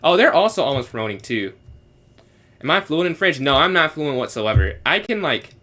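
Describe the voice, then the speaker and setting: A young man solving chess puzzles live, thinking aloud and answering chat, sometimes trying out halting beginner French. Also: a little high, sing-song, bright, forceful tone. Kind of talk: casual live-stream commentary.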